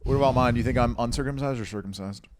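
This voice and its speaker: A man co-hosting a podcast, bantering in a lively way and egging the guests on. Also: mid-range voice, racing, a little hiss or hum. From Italian, Argentinian, Colombian heritage. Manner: animated, egging others on. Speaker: co-host.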